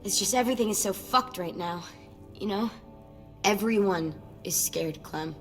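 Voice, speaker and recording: A woman's voice: mid-range voice, normal speed, a bit bright, long reverb tail, faint music behind, natural voice. A woman voicing a guarded teenage survivor girl who talks bluntly, swears and sounds worried.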